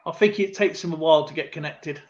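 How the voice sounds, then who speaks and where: Guy rambling thru a story on a live stream, kinda higher voice, dull lo-fi sound. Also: quick pace. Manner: chatty storyteller, lots of fillers and asides. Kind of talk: casual chat, rambling anecdote. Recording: slightly muffled lo-fi stream audio.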